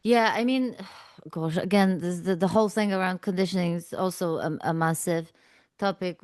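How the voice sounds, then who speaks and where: A woman's voice: fairly low pitch, fairly even intonation, moderate pace, a little mellow, dry recording. A woman hosting a reflective spiritual conversation, sharing her own experience in a searching, tentative way, often saying "you know" and "I don't know". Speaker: podcast host.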